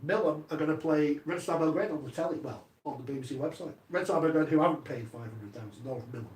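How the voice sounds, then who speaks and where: A man co-hosting a casual sports chat show, quick and jokey in his banter. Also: fairly high pitch, darkish tone. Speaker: co-host. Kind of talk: casual radio-style chat. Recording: roomy studio audio from a distance, faint background.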